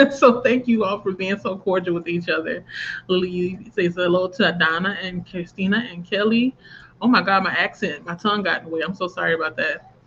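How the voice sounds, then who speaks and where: A woman's voice: lowish voice, normal speed, fairly bright tone, muffled recording, a little hiss or hum. Chatty woman livestreaming a reading sprint. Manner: chatty, reads viewer comments aloud, laughs often. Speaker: book channel host running a reading sprint livestream. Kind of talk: casual livestream chat.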